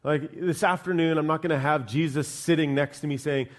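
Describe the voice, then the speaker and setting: A man's voice: on the high side, fairly even intonation, brisk, few pauses. A man preaching a sermon as lead pastor in a church, talking in a loose, conversational way and often checking in with "right?". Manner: conversational, repeats "right?" and starts words twice. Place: church sanctuary.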